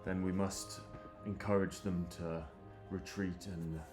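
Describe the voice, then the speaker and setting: A man taking part as a player in casual tabletop game talk, deliberate and slightly formal. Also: sits low, little pitch movement. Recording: roomy sound with background music.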